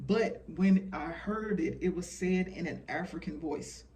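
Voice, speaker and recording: A man's voice: high-pitched, slow pace, darkish tone, far from the mic, slight background noise. Frank man in his thirties, off-mic. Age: 30s. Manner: frank, profane, rambling with fillers. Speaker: channeler sharing messages. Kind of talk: casual monologue.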